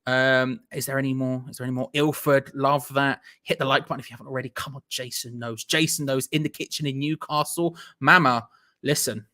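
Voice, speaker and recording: Chatty young man, bright voice. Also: medium pitch, fairly even intonation, a little fast. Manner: chatty, rattles off viewer locations with shout-outs. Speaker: host of a live watch-along stream. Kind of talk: casual live-stream chat reading viewer comments.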